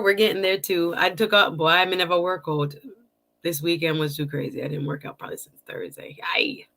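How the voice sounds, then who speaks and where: A middle-aged woman hosting a casual livestream, chatting warmly with viewers, greeting them by name and laughing often. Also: sits low. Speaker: livestream host.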